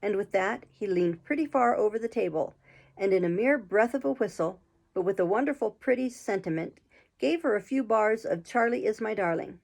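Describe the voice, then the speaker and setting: A woman reading a classic adventure novel aloud with steady, measured pacing. Her voice sits at an ordinary middle pitch. She tells the story plainly and clearly.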